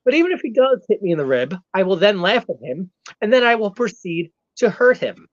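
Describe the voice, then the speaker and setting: A man's voice: sits high, very animated, brisk, dry recording. Guy doing a swaggering heel wrestler guy, bragging and ranting, voice swings all over, dull dry lo-fi audio. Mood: cocky. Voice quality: boastful, ranting, taunting. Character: brash arrogant male heel wrestler persona. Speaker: guest. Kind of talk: in-character comedic rant.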